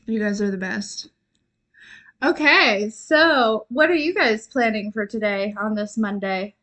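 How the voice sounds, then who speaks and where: Slow, bright-voiced woman chatting to viewers. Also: mid-range voice, expressive. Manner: emotional, giggly, grateful, tearful at times; chatty, rambling with many fillers. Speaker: livestream host and intuitive reader. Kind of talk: casual livestream chat.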